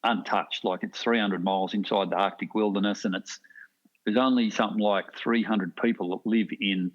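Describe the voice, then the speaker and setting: A middle-aged Australian man spins long stories as a podcast guest, piling up restarts and asides as he goes. His voice sits fairly low, and the recording sounds dull and lo-fi. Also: moderate pace. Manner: rambling, animated anecdotes with frequent restarts. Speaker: guest hunter. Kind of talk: casual storytelling.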